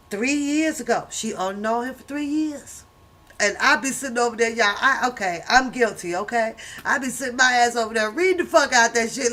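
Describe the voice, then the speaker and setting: High-voiced woman ranting profanely. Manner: loud, profane, laughing rants. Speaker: reaction channel host. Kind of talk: casual reaction commentary on a book.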